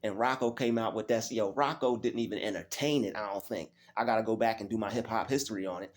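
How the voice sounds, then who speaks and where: A man's voice: lowish voice, fast. Streetwise man giving casual motivational talk. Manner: loose, repetitive, streetwise slang; preachy encouragement. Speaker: motivational vlogger.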